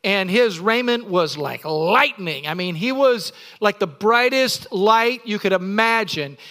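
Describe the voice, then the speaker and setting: A man's voice: sits high, lively intonation, unhurried, pushed and bright. A middle-aged male pastor preaching a sermon in a church, exuberant and playful, calling on the congregation to respond.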